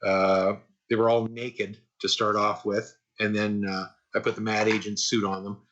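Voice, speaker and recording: A man's voice: lowish voice, moderate pace, dull audio. A man in his sixties, a guest animation artist, casually telling stories from his career in a podcast interview with frequent fillers and repeats. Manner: relaxed anecdotal, frequent "uh" and repeats.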